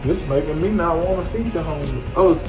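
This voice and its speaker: A man's voice: on the high side, quick pace. A man, talking casually to viewers while cooking, joking and apologizing often. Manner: chatty, apologetic, addresses viewers as y'all. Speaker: home cook vlogger. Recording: echoey room with music behind.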